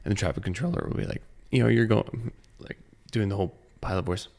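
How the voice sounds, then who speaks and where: A man with a low, gravelly voice tells a meandering story on a casual podcast with friends. He stops often to restart his sentences and slips into quick impressions of the people he is describing. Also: big pitch swings, a little mellow. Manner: rambling storyteller, acts out quoted voices. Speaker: podcast co-host. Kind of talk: casual chat among friends.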